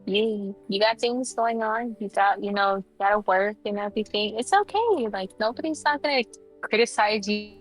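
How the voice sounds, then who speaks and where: A woman guest on a livestream chats casually in a mid-range voice at a moderate pace, rambling and leaning heavily on fillers like "you know." Faint music plays behind her, and the audio quality is poor.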